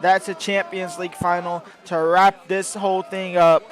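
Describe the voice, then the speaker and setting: High-voiced man commentating his gameplay. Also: flat delivery, normal speed. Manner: rambling, swings between low muttering and loud outbursts. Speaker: gaming channel host.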